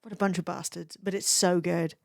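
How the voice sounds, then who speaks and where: Brief: young woman streamer, foul-mouthed, chatty, quick laughter, dry close sound. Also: on the low side, little pitch movement, vocal fry, no room sound. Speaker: livestreamer. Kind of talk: casual stream chat, reading chat aloud.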